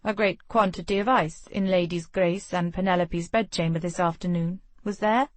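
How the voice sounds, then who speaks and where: A woman's voice: on the low side, fairly even intonation, dry recording, natural voice. A woman voicing a wry, courteous lord. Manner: measured, dry courtesy. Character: composed young English lord, courteous and wry.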